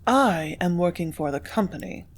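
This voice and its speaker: A woman reading a story, voicing a composed young office woman who answers quietly and firmly. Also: lowish voice, expressive, normal speed. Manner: quiet, cool, tart.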